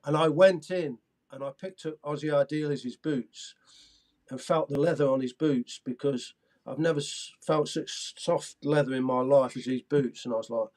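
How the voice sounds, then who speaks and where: Here the ex-footballer, in his 60s, speaks in a mid-range, slightly mellow voice at a moderate pace. As an interview guest he eagerly spins casual stories, stumbling and restarting often.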